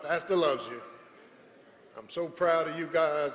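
A man's voice: fairly high pitch, measured pace, pauses often, a bit bright. A pastor addressing his congregation in a service, exhorting with call-and-response. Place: large church sanctuary. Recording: echoey church hall with congregation.

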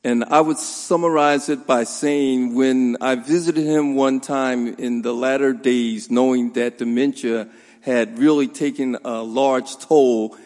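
A man, the son-in-law of the deceased, gives a formal funeral tribute in a church, measured and pausing with fillers. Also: medium pitch, a little mellow. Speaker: son-in-law giving a eulogy. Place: large church sanctuary. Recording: long hall reverb.

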